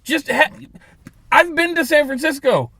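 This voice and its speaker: A man co-hosting a podcast in a casual chat, wry and rambling, getting loud when worked up. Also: very high-pitched, a little slow, no room sound. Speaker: podcast co-host.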